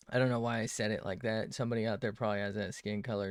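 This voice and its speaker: A man's voice: on the low side, steady tone, rapid-fire, no room sound, clean studio sound. A man streaming himself drawing, muttering to himself in casual commentary, swearing often and joking at his own expense.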